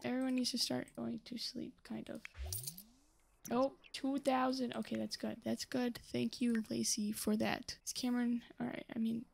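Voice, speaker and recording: A woman's voice: on the high side, flat delivery, moderate pace, gravelly, a little mellow, a little hiss or hum. A young woman hosting a gaming channel, chatting casually through her gameplay and talking to the characters on screen. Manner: chatty, talks to the game characters, scolds them.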